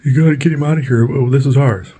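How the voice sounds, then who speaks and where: A man's voice: mid-range voice, fast, warm tone, husky, pitched above the performer's own voice, natural voice. A man voicing an angry, nagging neighbor who keeps making demands and accusations.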